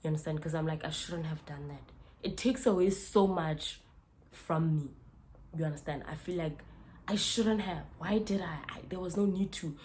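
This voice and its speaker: Animated woman telling a story. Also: low-pitched, normal speed, a little hiss or hum. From South Africa. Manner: animated, re-enacts exchanges, keeps asking "you understand?". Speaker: YouTuber. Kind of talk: casual storytime vlog.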